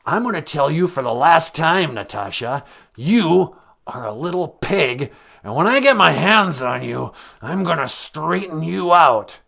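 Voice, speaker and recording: This is a furious celebrity caller, put on by a man in a comedy bit. He hurls slow, heavy threats and defends himself, his pitch swinging widely as he rants. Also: very animated, vocal fry, sharp tone, breathy edge, full character voice. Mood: threatening. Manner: menacing, slow drawn-out threats. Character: blustering angry movie-star man caller. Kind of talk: comedic impression.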